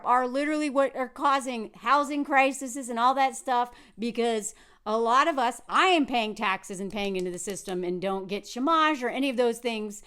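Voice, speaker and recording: Woman, Southern American accent, high voice, sarcastic, mocking, loud-soft swings, political vlog rant. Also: clear, resonant tone. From United States. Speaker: political commentary vlogger. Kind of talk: ranting commentary to camera.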